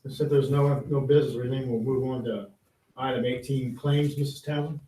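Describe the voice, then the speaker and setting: A man's voice: medium pitch, steady tone, a little fast, mellow. A man chairing a school board meeting, speaking in a plain, procedural way. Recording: echoey room, distant mic, faint noise.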